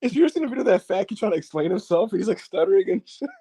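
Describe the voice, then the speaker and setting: Excitable high-voiced man recapping wrestling. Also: racing, slightly rough. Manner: animated, profane, laughs often, acts out quotes. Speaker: co-host of a wrestling review show. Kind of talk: casual show recap chat.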